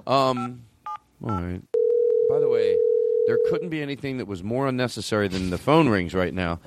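A man hosting a comedy podcast, exasperated and bossy as he talks over the others in quick improvised banter. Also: mid-range voice, lively intonation, heavy background noise. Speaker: podcast host.

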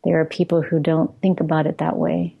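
A woman's voice: low-pitched, little pitch movement, fairly quick, gravelly, breathy edge, phone-quality sound. A middle-aged woman who works with outreach workers, speaking earnestly as a guest and often restarting her phrases as she searches for words. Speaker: guest, outreach work leader. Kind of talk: reflective conversation.

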